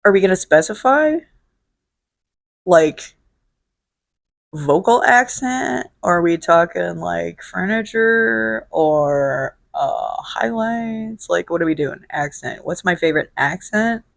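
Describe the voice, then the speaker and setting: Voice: mid-range voice, lively intonation, takes it slowly, vocal fry, no echo, studio quality. Blunt, profane host from Illinois. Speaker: show host. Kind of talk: casual solo question-and-answer vlog.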